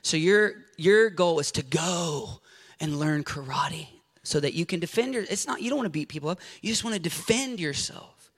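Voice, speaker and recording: A man preaching an animated, jokey sermon to a congregation, acting out scenes with a volunteer from the audience. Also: fairly high pitch, normal speed. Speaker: pastor. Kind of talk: lively sermon with audience interaction. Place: church sanctuary before a congregation.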